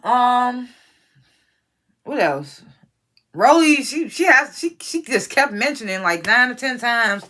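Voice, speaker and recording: A woman's voice: a little high, lively intonation, takes it slowly, pauses often, sharp tone. A woman giving a casual, profane recap of a reality show. She is blunt and opinionated and talks straight to the cast members she is judging. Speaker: reality TV reviewer.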